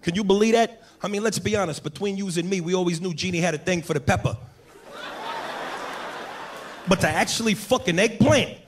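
Comic putting on a brash old-school new york italian dude, loud and high, thick accent. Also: male voice, fast talker, slight background noise, lightly acted. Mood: boisterous.

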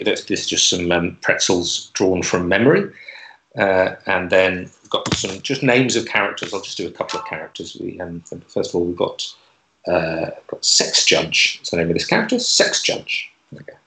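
A man with a slightly low voice doing deadpan stand-up. He hesitates and restarts, delivering absurd jokes dryly in a roomy, echoey space. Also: normal speed, a little hiss or hum. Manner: hesitant, many fillers and restarts, dry delivery. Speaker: comedy club co-host.

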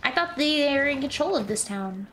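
A woman's voice: high voice, animated, normal speed, fairly bright tone. A young woman streamer joking and chatting casually over a game. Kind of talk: casual gaming commentary. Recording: stream mic under game noise.

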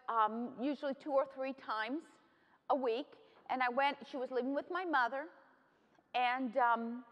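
A woman's voice: sits high, fairly bright tone. A middle-aged congresswoman moderating a policy panel, telling a personal story and slipping into Spanish phrases. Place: large conference hall. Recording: long hall reverb.

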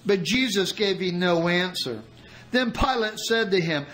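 A man preaching a sermon, reading scripture aloud and explaining it with dramatic pauses. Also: high voice, animated, pushed and bright, poor audio. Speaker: pastor.

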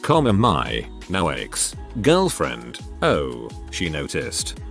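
A man's voice: rumbling low, wildly swooping pitch, slow pace, creaky, a bit bright, faint music behind. A man reading online posts aloud as a scripted storytelling narration.

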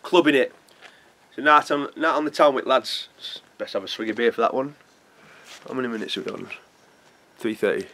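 A man's voice: medium pitch, a little fast, pauses often, pushed and bright. A poet from Burnley, reading his own rhyming poems with a rhythmic beat and casual offhand asides. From Burnley, northern England.

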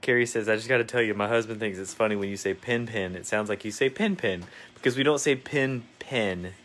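A man's voice: on the low side, brisk, a bit bright. A man co-hosting a casual craft livestream, reading viewer comments aloud and joking along.

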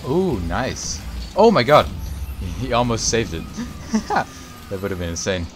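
A young man with a lowish voice gives running commentary over his match, quick to curse and quick to cheer. Faint game music plays underneath his voice. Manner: excitable, swears often, yells at big plays. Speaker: gaming YouTuber. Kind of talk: live gameplay commentary.

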